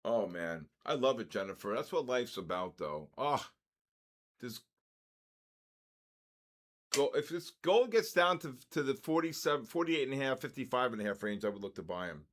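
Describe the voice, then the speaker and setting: A man's voice: mid-range voice, lively intonation, moderate pace. A man in his early sixties hosting a live trading stream, chatting loosely with viewers and jumping between stories and market calls. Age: 60s. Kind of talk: casual live-stream chat.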